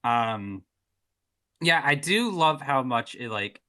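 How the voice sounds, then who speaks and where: A man's voice: medium pitch, animated, slow, sharp tone. A man co-hosting a casual movie podcast, rambling with many fillers and casual swearing. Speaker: podcast co-host. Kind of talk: casual film-discussion chat.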